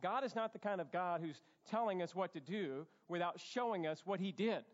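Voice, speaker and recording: A man preaching a sermon as a pastor, animated and conversational. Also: high voice, moderate pace. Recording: echoey hall, dull sound.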